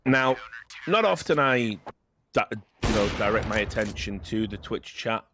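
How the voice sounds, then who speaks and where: A man's voice: fairly low pitch, moderate pace, noisy background. A man commentating an esports match, ranting with a laugh in casual banter. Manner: ranting, animated, laughs at his own jokes. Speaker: esports caster.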